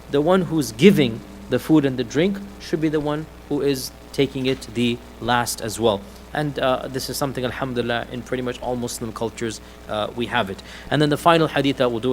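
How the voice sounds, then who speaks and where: A male preacher giving an Islamic lecture, retelling a hadith in an animated storytelling way and acting out the quoted lines. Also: medium pitch, slight background noise, poor audio. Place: mosque hall.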